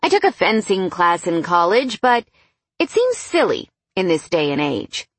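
A woman's voice: lowish voice, huge pitch swings, unhurried, slightly rough, no room sound, exaggerated voice. A woman voicing a guarded, sulky young man on a date who speaks bitterly and grudgingly.

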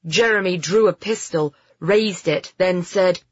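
Woman reading a story real slow, low husky voice, dull dry recording. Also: dry recording. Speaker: audiobook narrator. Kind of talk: scripted narration. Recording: dull, muffled sound.

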